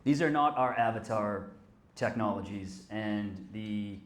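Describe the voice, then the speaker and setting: A man's voice: fairly low pitch, measured pace. A man presenting for a company, stepping in earnestly to clarify a point. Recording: echoey hall, off-mic.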